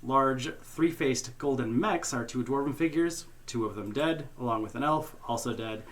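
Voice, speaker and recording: A man narrating and hosting a tabletop game as game master, relaxed and jokey, often laughing. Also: mid-range voice, moderate pace.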